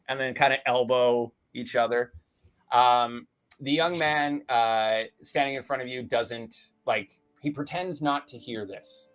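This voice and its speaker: A man's voice: medium pitch, steady tone, a little slow, fairly bright tone, clean tone, faint music behind, rough recording. A man narrating a tabletop game as game master, casual and full of fillers and swearing.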